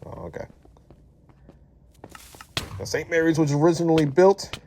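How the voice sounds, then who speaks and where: Over a little hiss or hum, a young man speaks at normal speed in a fairly high voice with a darkish tone and a Baltimore accent. The Maryland vlogger provides chatty, distracted commentary on gameplay, laughing at himself whenever he slips up.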